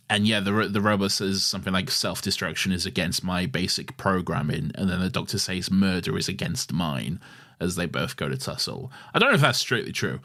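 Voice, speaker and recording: A man's voice: low-pitched, gravelly, bright, forceful tone. A man co-hosting a podcast in casual chat, laughing often and swearing freely. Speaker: podcast co-host.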